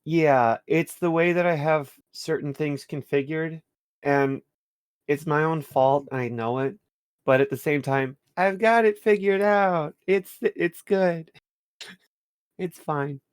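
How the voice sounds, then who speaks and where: A man's voice: a little high, fairly even intonation, slow, clear, resonant tone, no echo, studio quality. A young man on a podcast, casually telling a rambling gaming story full of fillers and restarts. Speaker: podcast co-host. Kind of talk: casual storytelling about a game.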